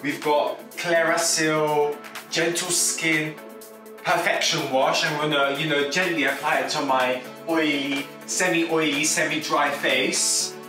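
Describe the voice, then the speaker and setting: A man voicing a gushing, over-sweet beauty vlogger with an exaggerated product-pitch delivery. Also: little pitch movement, takes it slowly, distant mic. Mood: mock-gushing. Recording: echoey room with music.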